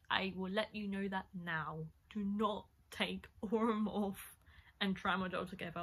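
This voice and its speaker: Chatty bright-voiced young woman. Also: medium pitch. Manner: chatty, rambling, many fillers and restarts. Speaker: vlogger. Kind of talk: casual story-time chat.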